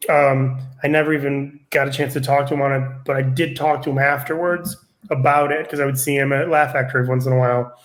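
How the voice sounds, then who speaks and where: A man's voice: mid-range voice, little pitch movement, a little fast, few pauses. A middle-aged man, a comedian guest, telling a story in casual chat, rambling with lots of fillers and swearing. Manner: rambling, filler-heavy, profane.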